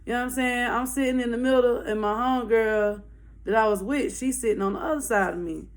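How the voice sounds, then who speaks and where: A woman telling a wild story to her viewers in casual slang, animated, profane and laughing. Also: on the high side, a little fast.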